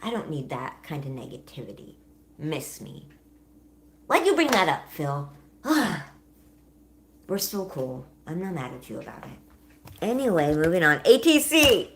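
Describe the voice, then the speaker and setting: A woman's voice: low voice, very animated, a little slow, pauses often, a little hiss or hum. A young woman hosting a livestream, chatting casually, laughing often and answering her chat as she goes. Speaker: livestream host.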